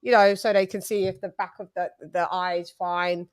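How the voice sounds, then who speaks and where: A woman hosting a casual chat, telling lively stories and acting out what people said. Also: lowish voice, normal speed. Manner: animated, storytelling with quoted voices. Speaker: host.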